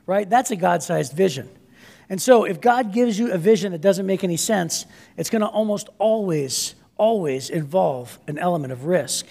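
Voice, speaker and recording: A man delivers an energetic, conversational sermon with a high-pitched and gravelly voice. He keeps checking in with his listeners as he goes. The sound carries a long hall reverb. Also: normal speed. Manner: energetic, conversational, with frequent "right?" asides. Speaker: pastor.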